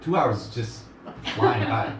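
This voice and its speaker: A man's voice: lowish voice, lively intonation, unhurried, noisy background. Radio host guy, dry humor, keeps things moving, echoey room and a far-off mic. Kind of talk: casual banter. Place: radio studio.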